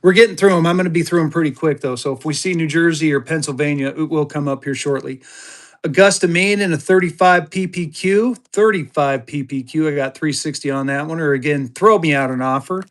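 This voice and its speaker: A man from Colorado hosting a live selling stream, talking fast in an upbeat sales patter. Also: fairly high pitch, a bit bright. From Colorado, USA. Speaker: live-stream currency seller.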